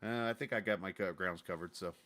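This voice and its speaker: A male race-broadcast host chats with the winner, halting and jokey in his delivery. His voice sits a little low, yet it has a bright, forward edge. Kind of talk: sim racing broadcast commentary.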